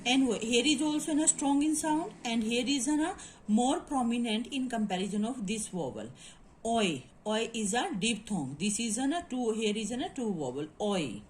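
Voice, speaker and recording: A woman teaching word stress in a halting lecture, with many fillers and quick Hindi asides. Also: on the high side, lively intonation, a little hiss or hum, low-quality recording. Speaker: English literature teacher.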